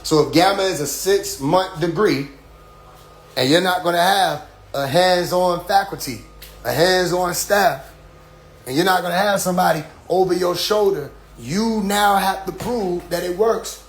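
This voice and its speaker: A middle-aged man giving a casual, preachy spoken address to his followers, often asking "you see?" and dropping into quiet asides. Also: high-pitched, a little slow. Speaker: community leader addressing followers.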